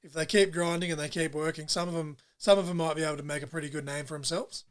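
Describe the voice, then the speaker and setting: A man co-hosting a casual podcast interview, animated and acting out quotes loudly. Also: a little high, fast. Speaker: podcast co-host.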